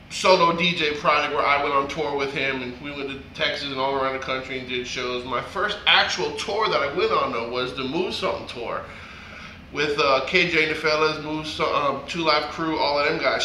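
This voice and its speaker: Brief: lively bright-voiced man, profane storyteller, a bit high, echoey room with faint hiss. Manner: animated, profane, acts out quotes. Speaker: DJ guest. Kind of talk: casual storytelling interview.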